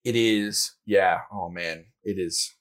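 Low-pitched and slow, this co-host rambles about video games on a remote Discord call, full of fillers and restarts. The audio is poor.

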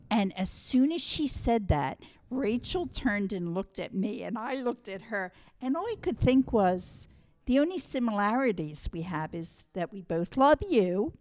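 A woman's voice: mid-range voice, darkish tone, no room sound. A middle-aged woman co-hosting a comedy podcast with her son, telling family stories in an earnest, slightly rambling way. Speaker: podcast co-host. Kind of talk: casual comedic chat.

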